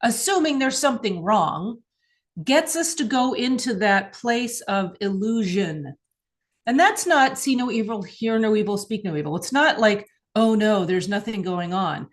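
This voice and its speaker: A woman's voice: fairly high pitch, unhurried. A woman hosting a spiritual mindset show, teaching in a casual, earnest way, acting out questions and laughing now and then. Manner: earnest, animated, laughs often, acts out questions.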